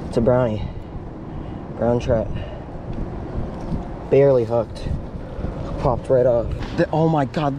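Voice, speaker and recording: A young man vlogging outdoors at a small pond, talking straight to his camera in quick, breathless bursts and repeating himself when something surprises him. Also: mid-range voice, background noise. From Pennsylvania. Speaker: fishing vlogger. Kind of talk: excited outdoor fishing commentary.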